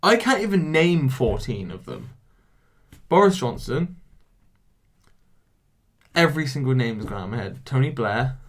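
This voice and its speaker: A young man hosts a relaxed solo podcast, reading quiz questions out loud and answering them himself. He stumbles over names and laughs at his own mistakes, his pitch sitting at a middle level for a man. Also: normal speed, long pauses. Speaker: podcast host.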